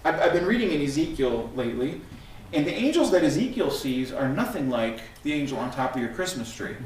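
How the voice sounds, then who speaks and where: A middle-aged man preaching a sermon as pastor, telling stories in an animated way and acting out the scenes. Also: on the high side, brisk. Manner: animated storytelling, acts out scenes. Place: church sanctuary. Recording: echoey room from a distant mic, faint noise.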